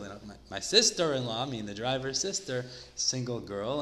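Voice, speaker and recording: Casual male storyteller, mid-pitched, echoey room with a faint hiss behind. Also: fairly quick, hardly any pauses. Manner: conversational, sprinkled with Hebrew and Yiddish terms. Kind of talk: casual retelling of a religious story.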